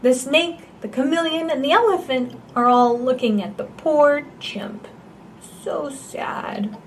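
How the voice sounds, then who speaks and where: A woman's voice: high-pitched, measured pace, a little hiss or hum. A woman reading a picture book aloud to small children, with gasps, an exaggerated delivery and coaxing questions to the child. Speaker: storyteller for babies and toddlers.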